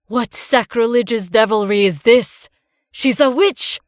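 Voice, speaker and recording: A woman's voice: on the high side, unhurried, no echo, lightly acted. A woman voicing a hostile young male bully in a horror story, sneering and threatening.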